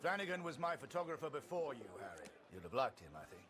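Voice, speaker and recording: An actor voicing a reserved army major who speaks in a clipped, evasive way. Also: male voice, mid-range voice, very animated, quick pace, background noise, close to an everyday voice. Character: reserved British army major, a photographer's employer.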